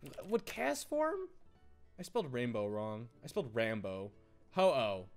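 A man's voice: mid-range voice, huge pitch swings, unhurried, soft background music. A man hosting a let's play, giggly and rambling, easily sidetracked while chatting through the game. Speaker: gaming channel host.

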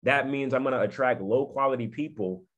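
A man's voice: mid-range voice, a little fast, a bit bright, dull audio. A man giving an emphatic motivational talk on a video call, repeating phrases and often checking in with his listeners. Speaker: network marketing speaker.

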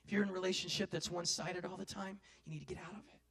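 A male pastor preaching a sermon in a folksy way, building to loud impassioned cries. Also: sits high, huge pitch swings, racing, creaky.

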